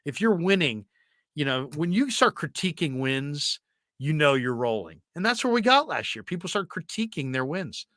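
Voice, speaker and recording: A male sports talk host with a bright, fairly high voice, talking casually and in an animated way, often breaking off and restarting his sentences. The sound is dry and close. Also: normal speed, no echo. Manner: animated, self-interrupting storyteller.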